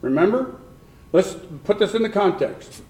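Male preacher, sermon, lively rising-and-falling delivery, slightly high voice, echoey church room. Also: moderate pace. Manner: questions the congregation, repeats for emphasis.

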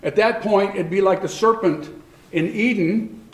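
A man preaching a sermon in a loose, conversational style, often asking his listeners questions. His voice sits high for a man. The sound carries a roomy echo, as in a church hall. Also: measured pace. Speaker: pastor.

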